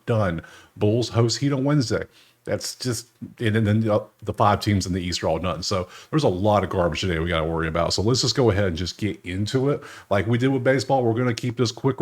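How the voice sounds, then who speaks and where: A man hosting a sports betting channel, talking through games in a loose, joking way and chuckling often. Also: fairly low pitch. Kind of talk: casual screen-share commentary.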